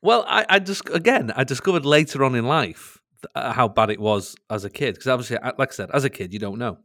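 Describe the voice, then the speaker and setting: A man's voice: medium pitch, fast, a bit bright, dry recording, studio quality. A man with a Mancunian accent, a comedian guest chatting in an interview, self-mocking and laughing between lines. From Manchester, England. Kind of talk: casual interview chat.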